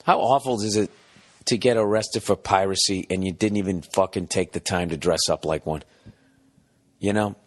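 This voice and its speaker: A man's voice: sits low, steady tone, normal speed. A man, ranting profanely and incredulously in a casual comedic monologue. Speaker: podcast host.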